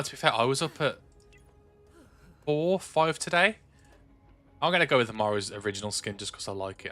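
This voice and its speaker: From a room at home, this young Black Country man streams a game and talks casually in an English accent, wandering off topic with many restarts and fillers. His voice is medium-pitched, bright and forceful.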